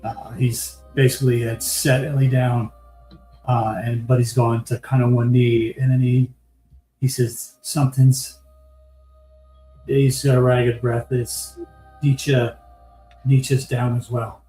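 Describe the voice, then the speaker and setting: A man's voice: medium pitch, level tone, unhurried, dark tone, roomy sound, faint music behind, low-quality recording. A man playing a tabletop game, narrating his character's actions in a plain, matter-of-fact way. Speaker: player.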